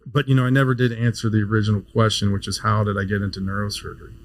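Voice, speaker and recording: A man in his fifties, a neurosurgeon guest on a podcast, telling a story in a casual, animated way with many restarts. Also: lowish voice, racing, low-quality recording. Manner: animated storyteller, frequent restarts, laughs easily.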